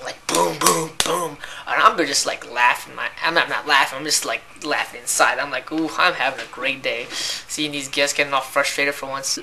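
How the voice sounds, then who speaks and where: A woman's voice: sits low, bright, forceful tone, a little hiss or hum. A young woman who works as a cashier, ranting in a casual, rambling way about annoying customers and filling her talk with "like" and "right?". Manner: exasperated, rambling, heavy use of "like" and "right?".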